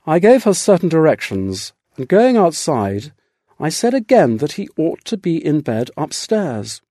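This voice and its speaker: A man reading a literary story aloud as narrator, in a measured, deliberate way. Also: on the high side, sing-song, dark tone, no echo, clean studio sound. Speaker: audiobook narrator. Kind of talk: scripted narration.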